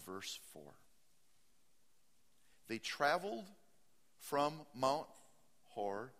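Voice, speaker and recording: A man preaching a sermon. He reads scripture aloud, stops to comment, and swings between loud bursts and hushed asides. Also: medium pitch, big-room sound. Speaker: pastor.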